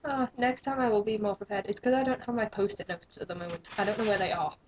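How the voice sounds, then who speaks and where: This young adult vlogger talks quickly in a medium-pitched voice, rambling and mocking herself as she chats to camera. There's slight background noise, and the webcam recording sounds dull and lo-fi.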